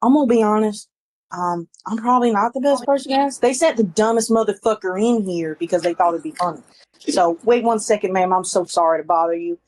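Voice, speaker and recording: A woman's voice: mid-range voice, brisk, darkish tone, close to an everyday voice, low-quality recording. A woman playing a brash, crude young man adventurer in a tabletop game, joking and carefree. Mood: cocky.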